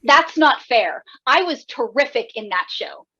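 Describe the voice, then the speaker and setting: A woman's voice: high-pitched, expressive, a little slow, pushed and bright, breathy edge, lo-fi sound, heavily acted. A woman playing a defensive, impatient stage actress who keeps forgetting her lines. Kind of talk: community theater stage play.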